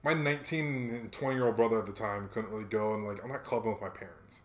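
A man's voice: lowish voice, fast. Laid-back young man telling stories in a roomy room. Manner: laid-back slang-heavy storyteller, animated when quoting people. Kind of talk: casual chat, storytelling.

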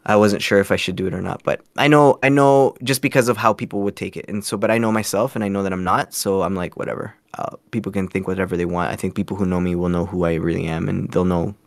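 A man's voice: low voice, fairly even intonation, fast, creaky, few pauses, no room sound, studio quality. A man speaking as a podcast guest in a casual interview, earnest, rambling and self-conscious.

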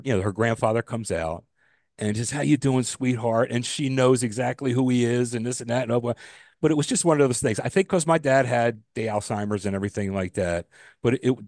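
A man's voice: on the low side, a little mellow, dry recording, studio quality. A man co-hosting a casual podcast, ranting about a pet peeve, swearing freely and restarting his sentences. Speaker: podcast co-host.

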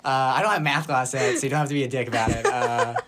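A man's voice: mid-range voice, fairly even intonation, quick pace, noisy background. A young man co-hosting a podcast, casually telling a story and swearing freely. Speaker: podcast co-host. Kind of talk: casual chat.

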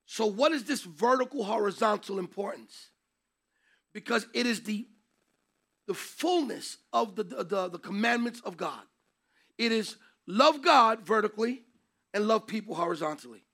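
Male Bible teacher, very high gravelly voice, emphatic preacher delivery. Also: expressive, moderate pace, pushed and bright. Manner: emphatic, preacherly, takes questions from class. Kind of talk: interactive Bible class teaching.

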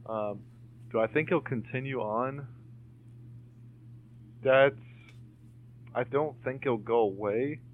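A man's voice: mid-range voice, takes it slowly, long pauses. A man co-hosting a podcast, chatting casually and rambling with lots of fillers and the odd swear. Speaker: podcast co-host. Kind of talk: casual chat. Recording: tinny phone-like call audio.

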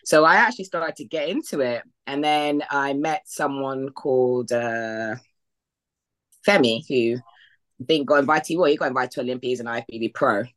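Deep-voiced woman from the UK, guest on a podcast, chatty storyteller who mimics others' lines. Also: normal speed. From United Kingdom. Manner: retells past conversations in quoted voices, with frequent fillers and laughs. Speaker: podcast guest, bodybuilding athlete. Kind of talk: casual conversational storytelling.

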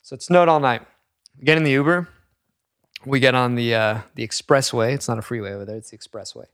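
A young man telling a story in casual chat, animated and profane, acting out the people in it. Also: mid-range voice, quick pace, dry recording, studio quality.

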